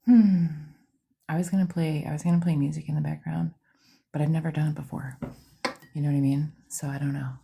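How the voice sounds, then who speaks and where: A woman's voice: deep voice, fairly even intonation, brisk, gravelly, warm tone, slightly rough. A woman, hosting a livestream, half-whispering in a casual chat and greeting viewers by name in her home studio. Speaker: psychic medium livestream host.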